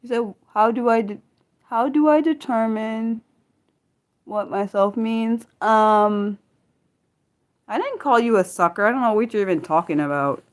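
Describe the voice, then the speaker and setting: A woman's voice: a little high, measured pace, pauses often. A woman hosting an unscripted livestream, reading viewer chat and answering aloud in a rambling, restarting way, often asking her audience questions. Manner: rambling, thinks aloud, many restarts and fillers; talks directly to viewers and asks them questions.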